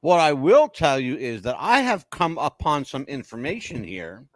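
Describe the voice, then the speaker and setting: A man's voice: mid-range voice, wildly swooping pitch, moderate pace, no room sound, studio quality. A man co-hosting a podcast in casual chat, joking and emphatic, insisting he is not making things up. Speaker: podcast co-host.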